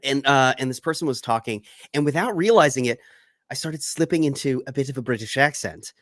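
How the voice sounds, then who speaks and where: A man hosting an interview, chatty and jokey, telling stories in a relaxed way. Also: medium pitch, a little fast, dry recording, clean studio sound. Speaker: podcast host and interviewer. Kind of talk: casual interview chat.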